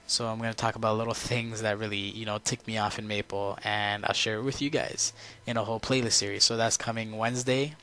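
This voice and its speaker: A tired man talking casually to his viewers as a gaming channel host, rambling and filling pauses with "you know" and "um". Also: on the low side, bright, forceful tone.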